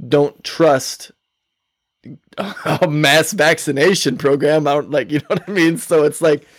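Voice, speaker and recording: Man, podcast co-host, rambling casual talk, swears and laughs a lot, gravelly, dry sound. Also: on the high side, unhurried, no room sound. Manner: rambling, profane, laughs often.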